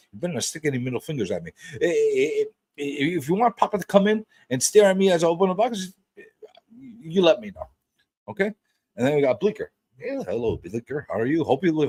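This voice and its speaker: A man's voice: mid-range voice, slightly rough, no room sound. A man hosting a live stream in casual chat, rambling and repeating his words as he greets viewers by name.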